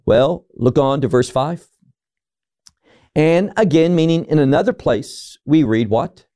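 A man's voice: on the high side, dark tone. A man preaching a sermon, teaching through scripture verse by verse and asking rhetorical questions.

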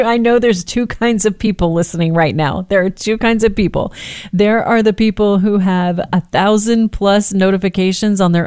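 A woman hosting a faith-based teaching talk, speaking in a conversational, animated way and slipping into little acted-out voices. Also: medium pitch.

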